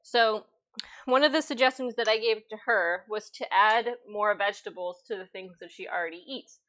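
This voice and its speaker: A woman's voice: mid-range voice, moderate pace, a bit bright. A woman hosting a casual cooking livestream, chatting and reading viewer comments aloud while she cooks, recorded on a lavalier microphone in a home kitchen.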